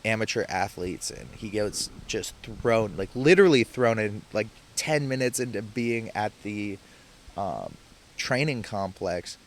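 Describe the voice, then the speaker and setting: A young man co-hosting a podcast, chatting casually and retelling scenes with lively acted-out quotes. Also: lowish voice, a little slow. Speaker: podcast co-host. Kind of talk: casual chat.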